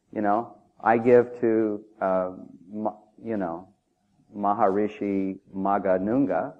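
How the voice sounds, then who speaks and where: A man's voice: lowish voice, steady tone, slow. A man preaching a sermon in an emphatic, conversational way, often asking the listeners questions. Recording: tinny phone-like audio.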